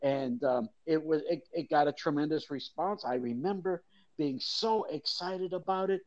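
An older man telling a lively anecdote in an interview, acting out voices of the crowd. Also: on the high side, moderate pace, no room sound, lo-fi sound. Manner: animated storyteller, acts out crowd voices. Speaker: guest, mascot performer. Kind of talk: storytelling interview.

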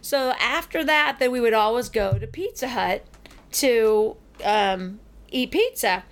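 A middle-aged woman hosting a podcast, telling a story in a casual, animated way and acting out the other people in it. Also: on the high side, slow pace. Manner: animated, acts out the people in her stories.

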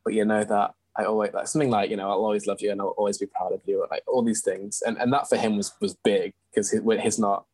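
A young man speaks with a low, slightly husky voice. He tells a personal story earnestly and candidly as an interview guest, with ums and restarts along the way. The recording is dry and close, with no room sound. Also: flat delivery, quick pace, hardly any pauses, darkish tone, no echo, poor audio. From England.

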